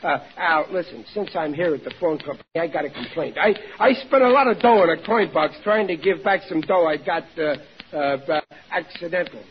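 A man's voice: on the high side, fairly quick, natural voice. A man playing a flustered Brooklyn blunderer. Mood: blustering. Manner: stammering, flustered. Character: blundering good-hearted working-class husband. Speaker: sitcom lead. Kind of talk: 1940s radio acting. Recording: muffled old radio broadcast with faint hiss.

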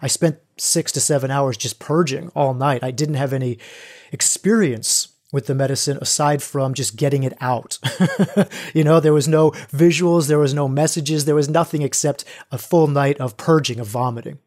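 A man's voice: mid-range voice, normal speed, a little mellow. A man hosting his own podcast, talking earnestly and reflectively to his listeners as a spiritual guide for men, calling them brothers. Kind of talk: solo podcast monologue.

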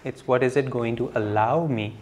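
A man, co-hosting a spiritual discussion podcast, explaining and telling stories in an animated way. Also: mid-range voice, normal speed. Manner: animated storytelling with explanations and laughter. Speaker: podcast co-host.

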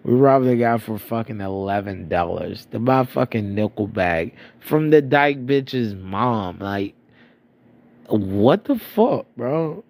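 A man's voice: lowish voice, measured pace, vocal fry, few pauses, a little mellow. A man in his thirties from Florida, telling rambling, profane stories about his past in a casual monologue, a bit stuffy-nosed. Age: 30s. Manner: profane, rambling, laughing at himself. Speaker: storyteller.

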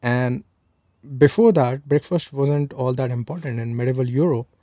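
A man from India co-hosting a casual chat, explaining history in a relaxed way with fillers. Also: medium pitch, normal speed, no room sound, clean studio sound. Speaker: podcast co-host.

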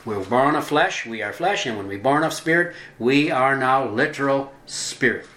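A man giving scripted religious narration, deliberate, drawing out the words he stresses. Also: medium pitch, expressive, bright, forceful tone. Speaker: religious teacher. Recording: roomy echo.

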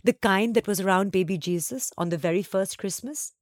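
A woman voicing a gentle, patient mother in a storybook reading. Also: mid-range voice, a little fast, dry recording, clean studio sound, natural voice. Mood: soothing. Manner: soothing, patient.

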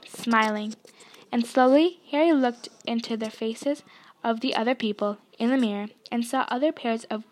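Woman narrator, high voice, expressive audiobook-style storytelling. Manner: expressive storytelling, voicing dialogue. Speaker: reader. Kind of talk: reading a novel aloud.

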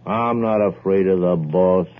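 An actor playing a lazy, boastful young husband in a 1940s radio drama, with a slow, surly rural drawl, on a tinny old radio broadcast. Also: male voice, deep voice.

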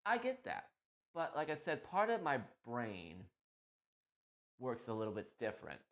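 A man's voice: mid-range voice, huge pitch swings, moderate pace, fairly bright tone, muffled recording. A man talking about his day as a streamer in a casual, emotional, rambling monologue full of restarts. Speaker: streamer and podcast host.

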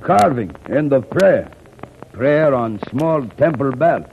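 A loyal jungle companion in clipped broken speech. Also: male voice, medium pitch, lively intonation, takes it slowly, gravelly. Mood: grave. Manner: clipped broken-English phrases. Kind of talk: 1940s radio acting. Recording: muffled old radio recording, background hiss.

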